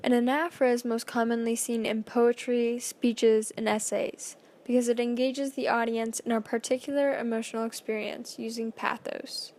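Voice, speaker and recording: Woman, slightly high voice, reading a class presentation, careful delivery with small slips. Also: flat delivery, moderate pace, hardly any pauses, a little mellow.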